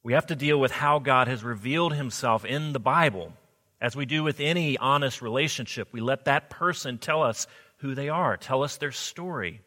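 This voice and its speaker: A pastor preaches a sermon in an earnest, mid-range voice that's bright and forceful, often posing rhetorical questions to the congregation. The recording carries a long hall reverb.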